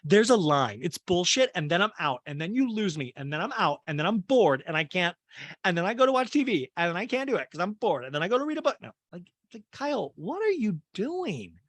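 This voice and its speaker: A man hosts a comedy recap podcast, tossing out swear words and laughing at his own jokes. His pitch leaps all over the place as he mocks the cast. The sound is close and dry, with no room echo. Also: sing-song, quick pace, fairly bright tone. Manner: campy, acts out cast members in high mocking voices. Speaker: podcast host.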